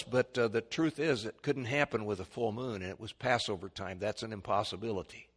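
A man preaching an expository sermon, reading scripture aloud and explaining it, his voice climbing high and loud when he quotes the mockers. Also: fairly quick, few pauses, slightly rough, long reverb tail. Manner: rises sharply in pitch and volume when quoting mockers; reads scripture in King James wording with commentary.

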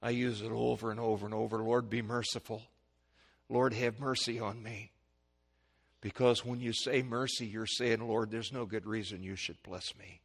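A male preacher giving a sermon, swinging from hushed, slow pleading to loud, high-pitched shouts. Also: level tone, husky. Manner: dramatic swings from quiet to shouting.

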